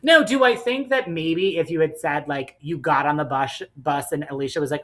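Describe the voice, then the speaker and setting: A woman with a low voice co-hosts a casual podcast, picking apart reality TV episodes with blunt, animated opinions. She swears freely and talks through her thoughts with lots of restarts. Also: moderate pace, few pauses. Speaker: podcast co-host. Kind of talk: casual reality TV recap chat.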